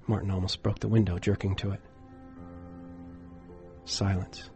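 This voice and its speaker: A man narrating a horror story in a measured, dramatic way, dropping to a hush for suspense. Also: deep voice, little pitch movement, soft background music.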